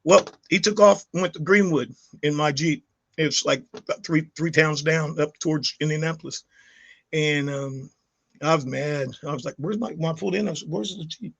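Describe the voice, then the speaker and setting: Gravelly middle-aged man ranting a story. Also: on the high side, moderate pace. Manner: rambling, heated, frequent restarts and fillers. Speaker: YouTube vlogger. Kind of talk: casual storytelling vlog.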